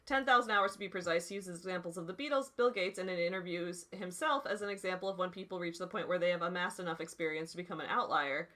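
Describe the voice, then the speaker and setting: A woman in her twenties hosting a casual chat and reading articles aloud, animated and chatty, full of "like" and "dude". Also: on the low side, quick pace, few pauses.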